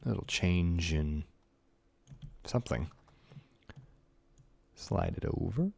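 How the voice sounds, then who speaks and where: A man's voice: low-pitched, lively intonation, takes it slowly, creaky, dark tone, husky. A man streaming a building game, chatting casually with viewers and muttering to himself in a self-mocking way. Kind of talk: casual livestream chat while building.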